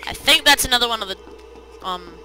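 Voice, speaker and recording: Goofy man with a lively voice. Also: extremely high pitch, a little fast, rough recording. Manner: goofy, joking, laughs often, sudden yelps. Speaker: game player. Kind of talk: let's play commentary. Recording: voice over loud game music. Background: game music.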